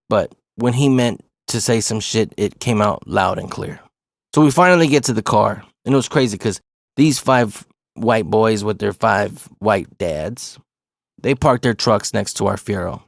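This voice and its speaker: A man telling a personal story in a casual, profane, animated way. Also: medium pitch, vocal fry, dry recording, studio quality.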